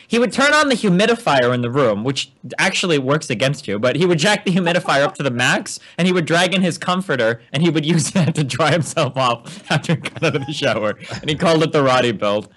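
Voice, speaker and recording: Young male co-host, slightly high voice, excitable, curses a lot. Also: a little fast, hardly any pauses. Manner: excitable, profane, jokey exaggeration. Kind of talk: casual storytelling chat.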